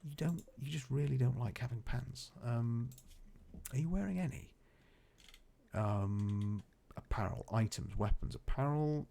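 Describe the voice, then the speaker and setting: A man's voice: medium pitch, a little slow, creaky, dark tone. A man streaming a colony game, rambling casually and chatting to his characters and viewers. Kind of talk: casual live gameplay commentary.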